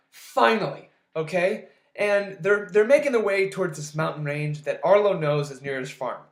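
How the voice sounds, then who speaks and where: Sarcastic, ranting movie recapper in an echoey room. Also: medium pitch. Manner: sarcastic, exasperated, swears freely. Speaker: movie reviewer. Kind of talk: casual movie recap rant.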